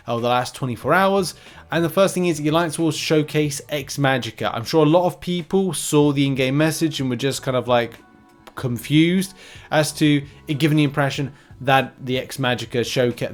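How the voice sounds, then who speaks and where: Chatty man rambling through gaming news. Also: medium pitch. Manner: chatty, rambling, frequent fillers and restarts. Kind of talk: casual news roundup.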